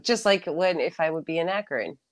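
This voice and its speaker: Young woman on a live show, kinda low voice, flustered, nervous laughs. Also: expressive, brisk. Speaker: guest. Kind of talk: casual live-stream banter.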